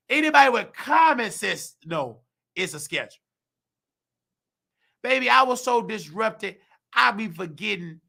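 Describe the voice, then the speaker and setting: Heated hoarse man with a high gravelly voice. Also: sharp tone. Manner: preachy, heated, acts out quoted voices, calls listener baby. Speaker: show host. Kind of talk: animated personal rant.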